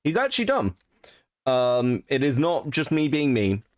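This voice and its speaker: A man's voice: medium pitch, sing-song, measured pace. A man hosting a commentary stream, blunt and sarcastic, swearing freely. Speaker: stream host.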